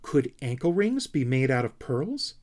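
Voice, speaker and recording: A man voicing a vain, bright-eyed young female Snork creature who talks in a breezy, coaxing way. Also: mid-range voice, big pitch swings, unhurried.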